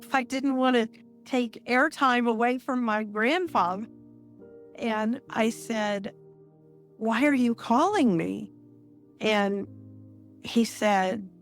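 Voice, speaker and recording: A woman in her sixties speaks slowly and thoughtfully as an interview guest. She recounts her story with pauses between phrases. Soft music plays faintly underneath. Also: fairly high pitch. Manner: measured and reflective, pausing between phrases.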